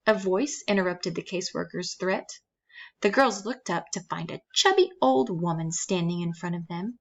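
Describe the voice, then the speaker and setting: A woman reading a children's novel aloud, telling the story steadily with lively emphasis. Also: lowish voice, normal speed, lo-fi sound. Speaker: reader.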